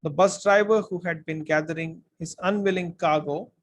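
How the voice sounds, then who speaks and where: A man reading a storybook aloud in an expressive way, now and then speaking to his listeners. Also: fairly high pitch, moderate pace. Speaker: book reader. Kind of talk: audiobook-style story reading.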